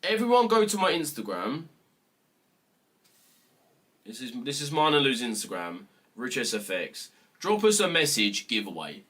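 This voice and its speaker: A young British man hosts a live trading stream and talks straight to his viewers. He rants in a blunt, profane, mock-serious way, and his voice stays bright and forceful throughout. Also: mid-range voice, very animated, moderate pace, pauses often, slightly rough. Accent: British English. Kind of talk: casual livestream chat with viewers.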